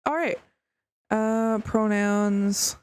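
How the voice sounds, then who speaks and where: A woman's voice: medium pitch, very slow, a little mellow, no echo. A woman streamer wrapping up a stream in casual chat, rambling with lots of fillers and the odd curse, hiccuping.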